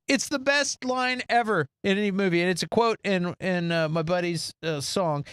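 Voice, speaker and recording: A man's voice: high-pitched, moderate pace, hardly any pauses, smooth. A man co-hosting a casual podcast, recapping a movie and acting out the characters' lines. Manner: animated, acts out the characters' lines in different voices. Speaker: podcast co-host.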